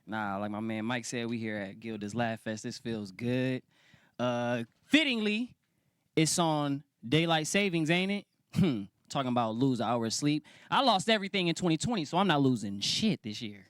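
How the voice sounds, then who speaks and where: A man's voice: mid-range voice, expressive, moderate pace, a bit bright, clean tone, no echo, clean studio sound. A man in his thirties doing stand-up, riffing loosely and chatting with the crowd. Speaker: stand-up comedian. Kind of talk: stand-up comedy. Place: comedy club stage.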